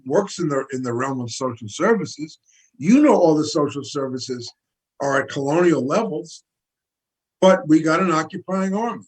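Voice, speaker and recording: An older man with a mid-range, slightly breathy voice is heard through poor audio. He's a guest activist giving an impassioned interview, speaking with emphatic, preacherly fervor and repeating figures for effect.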